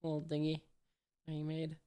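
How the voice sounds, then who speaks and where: A reader casually reading a comic aloud, hesitant with many "uh"s, even reading out the punctuation marks. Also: mid-range voice, normal speed, clean tone. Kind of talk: casual read-aloud commentary.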